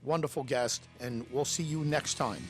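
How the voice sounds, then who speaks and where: A man's voice: mid-range voice, normal speed, loud music behind the voice. A man hosting a talk show interview, effusive and complimentary toward his guest. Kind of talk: broadcast interview.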